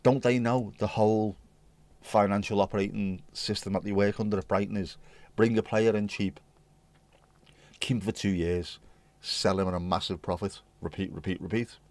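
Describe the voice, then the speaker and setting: Man, lowish voice, dry close sound, rambling jokey livestream chat. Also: fairly even intonation, normal speed, darkish tone, no echo. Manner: rambling, jokey, swears casually. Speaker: livestream host. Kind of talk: casual chat with viewers.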